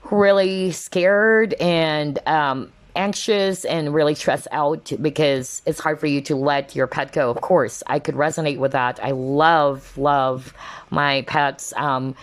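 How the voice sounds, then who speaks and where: A woman giving a casual tarot card reading to her viewers, earnest and emotional, talking with lots of fillers like "kind of, like" and "you know.". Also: low voice. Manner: earnest, emotional, openly moved.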